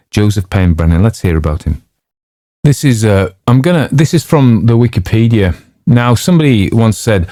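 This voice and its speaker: Low, dark-voiced rambling man. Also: no echo, studio quality. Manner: digressive, jokey asides, many fillers. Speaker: audiobook narrator introducing a story. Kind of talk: rambling casual chat.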